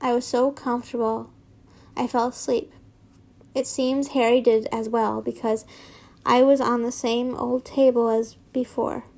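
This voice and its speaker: Giggly woman reading fan fiction slowly. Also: fairly high pitch, flat delivery, creaky, a little mellow. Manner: giggly, stumbles and corrects herself.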